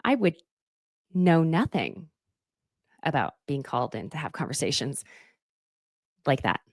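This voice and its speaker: A woman's voice: low voice, very animated, measured pace, no room sound, clean studio sound. A woman chatting casually as she recaps a reality show, gushing and often laughing. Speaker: recap host.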